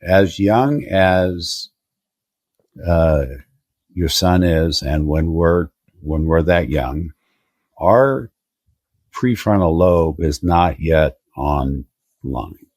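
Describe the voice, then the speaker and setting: An older man, a therapist guest on a podcast, who explains ideas in a measured, emphatic way. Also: low voice, darkish tone, no echo. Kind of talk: explanatory interview talk.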